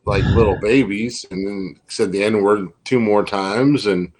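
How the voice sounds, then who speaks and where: A man's voice: lowish voice, measured pace, darkish tone, poor audio. Rambling man bragging on a podcast. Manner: rambling, boastful, profane. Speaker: podcast co-host. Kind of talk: casual crude banter.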